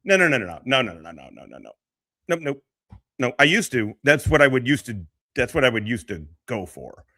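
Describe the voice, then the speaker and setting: A man's voice: mid-range voice, big pitch swings, normal speed, pushed and bright, no echo. A man hosting a casual livestream, talking in a rambling, profane, emotional way. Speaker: livestream host and veteran.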